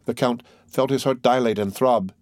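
A man's voice: medium pitch, normal speed, dry recording, studio quality. Man narrating a classic novel. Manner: steady, formal reading. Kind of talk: audiobook narration.

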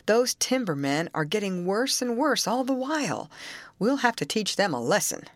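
A woman voicing a steady middle-aged foreman who speaks in a firm, reassuring way. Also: mid-range voice, moderate pace, no room sound, pitched above the performer's own voice, lightly acted.

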